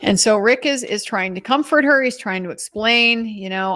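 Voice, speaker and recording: A woman's voice: medium pitch, moderate pace, hardly any pauses, a bit bright. A woman commentator giving a casual, chatty recap of a trial, with many restarts and quoted lines.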